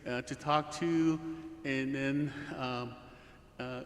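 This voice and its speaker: A man facilitating a community forum discussion, speaking haltingly with many fillers and restarts. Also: steady tone. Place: large hall. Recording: echoey hall with faint rumble.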